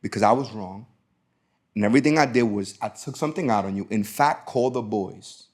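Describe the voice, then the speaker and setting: A man hosting a podcast, telling a personal story in casual chat, lively and quick to act out what others said. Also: lowish voice. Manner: animated storytelling, acting out quotes. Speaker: podcast host.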